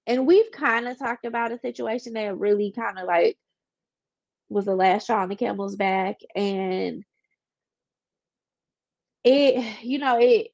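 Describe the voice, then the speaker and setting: A woman's voice: mid-range voice, dry recording, muffled recording. A young woman hosting a podcast, stuffy from a cold, talking candidly and rambling with many "like"s. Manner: candid, rambling, heavy use of "like". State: congested, stuffy nose. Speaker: podcast host. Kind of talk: casual personal monologue.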